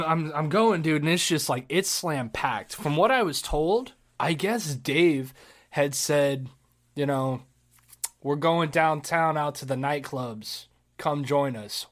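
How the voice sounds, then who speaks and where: A young man telling a story in casual podcast chat, animated, swearing and laughing, acting out his own shouts. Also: a little high, slow pace.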